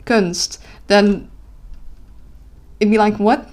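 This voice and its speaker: A woman's voice: mid-range voice, a little slow, a little mellow. Dutch girl streaming, tired and giggly, keeps fixing her own words, dutch accent. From Netherlands. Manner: giggly, self-correcting, apologetic. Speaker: live streamer. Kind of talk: casual live-stream chat.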